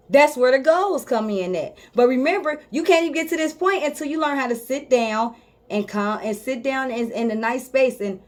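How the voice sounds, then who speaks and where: A woman's voice: high voice, normal speed. A woman life coach giving a motivational talk straight to her viewers, emphatic and informal, repeating her key points to drive them home. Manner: speaks directly to viewers, informal.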